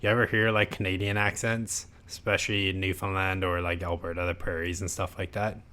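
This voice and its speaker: A laid-back young man co-hosting a podcast and joking through a casual chat. His voice is very deep, one of the lowest for a man. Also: flat delivery, brisk, pushed and bright, clear, resonant tone. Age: young adult. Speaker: podcast co-host.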